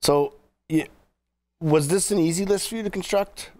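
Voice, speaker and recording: A man's voice: sits high, moderate pace, darkish tone, no echo. A man hosting a casual podcast, joking around, laughing easily and asking loose, rambling questions. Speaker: podcast host.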